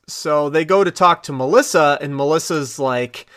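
A man's voice: fairly high pitch, normal speed, fairly bright tone, no room sound, studio quality. A man co-hosting a podcast, recapping an episode in loose, rambling casual chat full of fillers and restarts. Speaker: podcast co-host.

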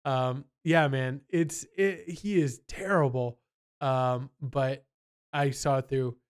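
A young man chatting casually on a podcast, telling stories with lively asides. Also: medium pitch, slow pace, clear, resonant tone. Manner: animated storyteller, mimics people in quotes. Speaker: podcast co-host. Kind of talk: casual chat.

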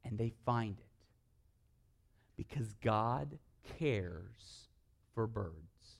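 A man preaching a sermon as pastor, telling humorous stories and swinging from hushed, earnest moments to loud, lively bursts. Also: lowish voice, extremely slow, vocal fry.

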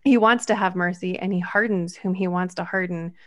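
A woman's voice: on the low side, fairly quick. A woman co-hosting a casual Bible discussion podcast, talking eagerly and running on as she reads passages aloud. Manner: animated, quotes scripture at length, runs on excitedly. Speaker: podcast co-host.

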